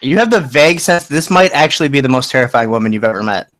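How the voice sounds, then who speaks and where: A man narrating as game master of a tabletop game, casual and halting, with frequent restarts and laughs. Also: mid-range voice, animated, a bit bright, dry recording.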